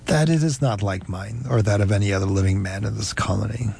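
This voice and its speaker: A man reading an audiobook, voicing a weak, wounded enslaved man who speaks slowly and deliberately. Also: on the low side, gravelly, darkish tone, slight background noise. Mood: earnest. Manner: slow, deliberate, halting. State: weak and parched. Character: dying enslaved man, defiant and resolute.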